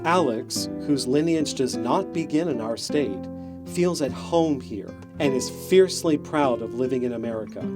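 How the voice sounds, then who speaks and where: A man reading scripted documentary narration in a measured, explanatory tone. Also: mid-range voice. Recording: narration over guitar music.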